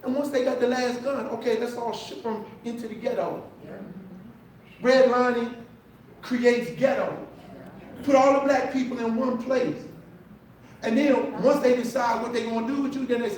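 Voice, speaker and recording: A man preaching a sermon to a congregation, impassioned and shouting, with the congregation answering back. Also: very high-pitched, steady tone, moderate pace, long pauses, a little hiss or hum. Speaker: pastor. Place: large church hall. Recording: echoey hall, mic from a distance. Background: congregation responding.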